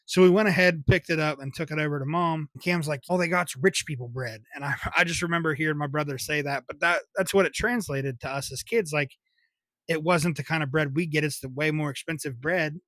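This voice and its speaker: A man's voice: on the high side, fairly quick, fairly bright tone, no room sound. Rambling young man telling stories. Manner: rambling, frequent swearing, laughing at his own stories. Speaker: podcast host. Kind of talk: casual solo storytelling.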